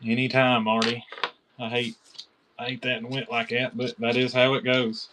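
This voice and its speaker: A man with a Kentucky accent selling knives on a live-stream auction, chatty and excited, calling out bidders by name. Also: medium pitch, moderate pace, slight background noise.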